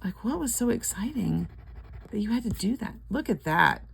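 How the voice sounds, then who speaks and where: A woman's voice: medium pitch, expressive, normal speed, gravelly, slightly rough. An older woman chatting casually and rambling at home while scratching lottery tickets, laughing often.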